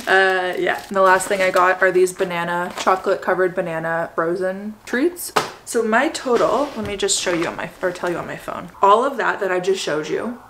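A young Canadian woman in her twenties, chatting excitedly to her viewers as she shows off her shopping haul. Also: fairly low pitch, moderate pace, noisy background. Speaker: vlogger. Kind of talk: casual haul vlog.

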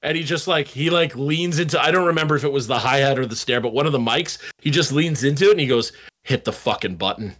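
A man's voice: fairly high pitch, quick pace, few pauses. A man, a band guitarist, telling studio stories in a casual interview, swearing freely and acting out quotes. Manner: animated, swearing storyteller who acts out quotes.

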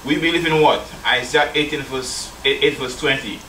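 A man's voice: mid-range voice, moderate pace, pushed and bright, a little hiss or hum. A male church elder preaching a sermon, reading scripture aloud and calling his listeners brethren while prompting their answers. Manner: addresses listeners as brethren, asks call-and-response questions. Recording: roomy sound from a distant mic.

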